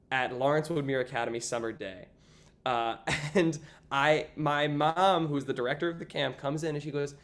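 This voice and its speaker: A young man in an interview, telling a story in a lively casual way, often saying "like" and acting out what people said. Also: fairly high pitch. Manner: animated, acts out quoted voices, frequent "like". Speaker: guest, stage actor.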